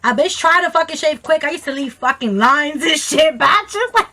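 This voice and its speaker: High, bright-voiced New woman vlogger. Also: normal speed, slight background noise. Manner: animated and profane, with slangy quoted voices. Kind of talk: casual storytelling on camera.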